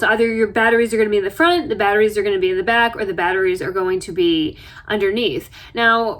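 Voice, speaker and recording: Chatty, animated woman vlogger. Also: fairly high pitch. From United States. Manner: chatty, self-deprecating, animated storytelling. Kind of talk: casual chat. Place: RV interior.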